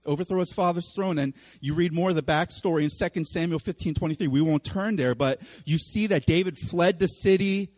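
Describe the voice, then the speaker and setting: A male pastor delivers a sermon in a fairly high voice, lively and dramatic. He acts out the voices of people he quotes, moving from quiet to loud. The voice rings with the long reverb of a church hall. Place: church sanctuary.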